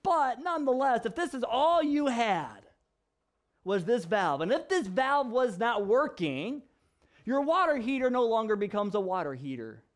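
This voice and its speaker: Man, middle-aged, pastor, casual vlog, laughs a lot, light high pitch. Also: big pitch swings, unhurried. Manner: chatty, jokey, laughs often. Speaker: pastor and professor. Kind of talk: casual devotional vlog talk.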